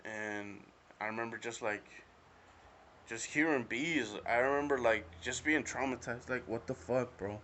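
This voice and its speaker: A man's voice: medium pitch, measured pace, sharp tone, a little hiss or hum. A young man hosting a podcast, telling a story alone in a rambling, casual way, heavy on fillers and swearing. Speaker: podcast host.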